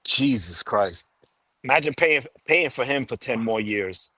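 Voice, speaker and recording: A man's voice: mid-range voice, lively intonation, a little slow, pushed and bright, no room sound. Sarcastic New York sports podcast guy. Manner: sarcastic, joking, trails off and restarts. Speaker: podcast co-host. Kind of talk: casual sports banter.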